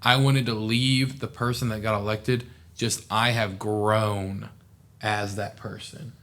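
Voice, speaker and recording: Slow and flat in delivery, his fairly low-pitched voice still has a fairly bright tone. This young man from southeast Oklahoma, a former student officer, is a guest on a casual podcast interview, rambling earnestly and heartfeltly with lots of "like".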